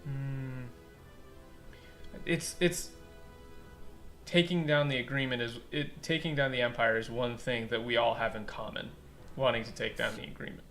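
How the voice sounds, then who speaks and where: Male let's play commentator, blunt and animated, bright edge, faint game music under him. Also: mid-range voice, normal speed, long pauses. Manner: animated, blunt, casual swearing, many "like" fillers. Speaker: game localization critic.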